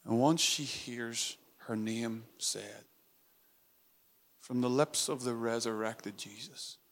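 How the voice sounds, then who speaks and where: A man preaching a sermon in an earnest, intimate way, repeating phrases for emphasis and dropping to a soft hush on tender moments. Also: medium pitch.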